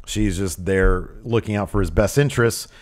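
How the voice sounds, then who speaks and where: A young man co-hosting a casual wrestling review podcast, excitable and jokey, jumping between topics. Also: deep voice, moderate pace. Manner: excitable, jokey, slips into silly voices. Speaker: podcast co-host.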